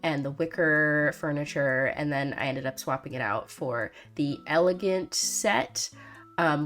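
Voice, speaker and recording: A woman's voice: deep voice, a bit bright. A young woman hosting a gaming video, chatting casually and playfully, full of "like" and "um" as she rambles. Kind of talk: casual gameplay commentary.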